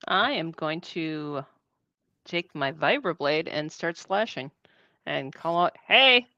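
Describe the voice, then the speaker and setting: Bright player on a dull mic. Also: medium pitch, lively intonation, slow, no echo. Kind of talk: casual tabletop play.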